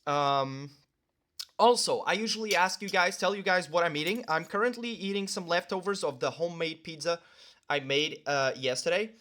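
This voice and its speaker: A man's voice: a little high, normal speed, pushed and bright. A young man vlogging casually to the camera while eating lunch at home, rambling with lots of fillers and talking with his mouth full.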